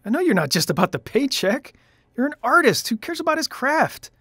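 A man's voice: very high voice, very animated, a little fast, fairly bright tone, husky, dry recording, full character voice. A man voicing Tails, a flustered fox sidekick. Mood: pleading. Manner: pleading, flustered stammering. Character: young male fox sidekick, exasperated and sensible. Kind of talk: comedic cartoon voice acting.

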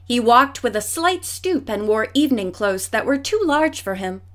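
A woman's voice: on the high side, expressive, normal speed, fairly bright tone. A woman reading an audiobook, voicing a determined, observant young woman detective. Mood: earnest. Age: young adult. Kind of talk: audiobook character voice.

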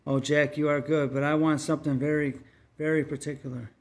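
A man reading as a gentle crippled boy. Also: fairly high pitch, level tone, a little fast, lightly acted. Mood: pleading. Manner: earnest, pleading.

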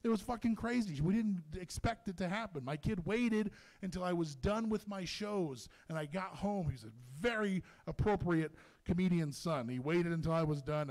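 A man performing a stand-up comedy set in a comedy club, telling stories in an animated, profane way. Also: a little high.

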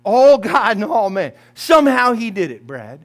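A man's voice: high voice, very animated, normal speed, a bit bright. A man preaching a sermon as pastor, calling on his congregation and crying out quoted lines at full voice. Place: church sanctuary.

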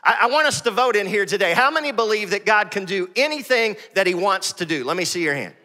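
A man's voice: high voice, quick pace, in a large hall. A man preaching a sermon as pastor, reading scripture and calling on the congregation. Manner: energetic preaching, reads scripture aloud. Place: church sanctuary with congregation.

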